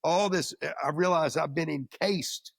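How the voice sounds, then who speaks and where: A man's voice: on the high side, unhurried, vocal fry, no room sound, clean studio sound. A man as an interview guest, recounting a story in a casual, anecdotal way and often repeating words as he goes. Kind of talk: storytelling in conversation.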